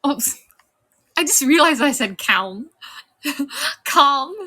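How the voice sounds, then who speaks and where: Slow, bright-voiced giggly young woman streamer. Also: high-pitched, sing-song. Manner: giggly, reads out chat and thanks viewers. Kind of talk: casual live-stream chat.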